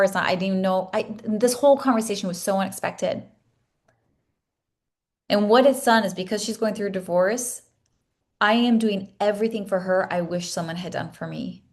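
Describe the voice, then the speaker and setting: A woman coach in her thirties opens up to her class with an earnest, personal story. She speaks with raw emotion and often stops to restart a thought, in an ordinary mid-range voice. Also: medium pitch. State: tearful at times. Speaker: coach leading a masterclass.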